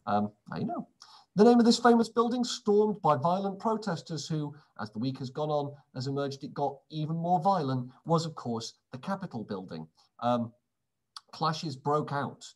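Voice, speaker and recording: A man reading through quiz answers in a casual way, adding wry, sarcastic asides between questions. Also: fairly high pitch. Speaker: quiz presenter.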